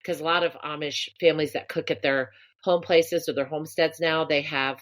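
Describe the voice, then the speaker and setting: Low-voiced woman telling a story with gusto. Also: normal speed. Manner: animated storytelling, gushing. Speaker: podcast co-host. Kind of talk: casual chat.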